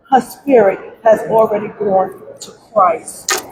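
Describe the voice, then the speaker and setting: A middle-aged woman giving emotional public testimony at a press conference about her grief, pleading through tears and at times breaking into shouts. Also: fairly high pitch, slow, rough recording. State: grief-stricken, close to crying. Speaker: grieving mother giving testimony. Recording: crowd noise at a press event.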